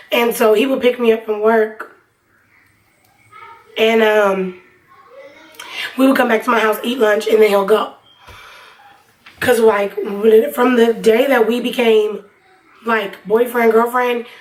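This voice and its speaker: Chatty young woman, slightly distant mic. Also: a little high. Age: young adult. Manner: chatty, rambling, many fillers. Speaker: vlogger. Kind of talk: casual storytelling.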